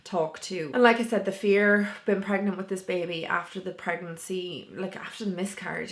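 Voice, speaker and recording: A woman's voice: medium pitch, fairly even intonation, moderate pace, vocal fry. A woman vlogger talking candidly and casually to camera, with lots of filler words. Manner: candid and chatty, with many "like" fillers. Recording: roomy echo.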